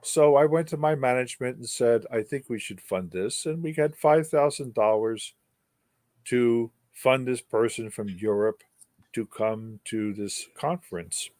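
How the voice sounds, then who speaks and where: An older man speaks as a guest, spinning a long anecdote with wry humor and emphatic repeated words. His voice sits at a middle pitch and is recorded dry and close. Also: measured pace, no room sound. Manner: wry, animated storyteller with emphatic repetition. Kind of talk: storytelling in an interview.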